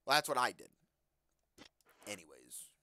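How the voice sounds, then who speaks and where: Playing through a video game, a man doing a let's play offers joking, casual commentary with lively intonation at a moderate pace. He answers the on-screen characters, erupts in loud outbursts, and reads the game's text under his breath.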